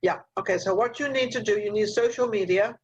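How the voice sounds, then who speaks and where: An older woman host is talking over a video call, and her audio comes through a little muffled. She is chatty and motherly as she hands out advice, with frequent "um"s. Her voice sits at an ordinary middle pitch. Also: fairly quick, breathy edge. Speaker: talk show host.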